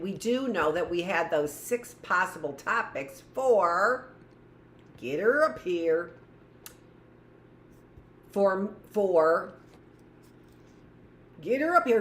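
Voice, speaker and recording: A woman teacher leading a livestreamed lesson for young children, talking loudly and rambling through joking asides to herself. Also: mid-range voice. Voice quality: loud voice. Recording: echoey room.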